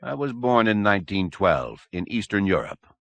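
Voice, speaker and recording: A condescending old man with a Slovenian accent drawls each word slowly, looking down on the listener, as a male narrator puts him on. The voice sits very low and dry. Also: big pitch swings, dry recording. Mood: cold. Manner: slow, condescending.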